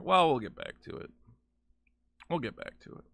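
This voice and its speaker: A man's voice: fairly high pitch, lively intonation, normal speed, gravelly, pushed and bright, no echo. A man hosting a live game stream, ranting with profane, sarcastic commentary from his home setup. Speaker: streamer host.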